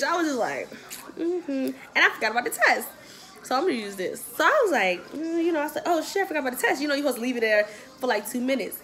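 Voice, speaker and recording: A young adult woman vlogger telling a casual storytime while eating, animated and profane, laughing often. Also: high voice.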